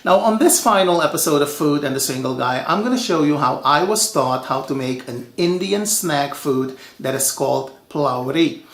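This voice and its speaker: A man from Suriname hosting a home cooking show, telling stories in a lively, chatty way. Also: on the high side, moderate pace, few pauses, echoey room. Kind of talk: casual cooking show talk.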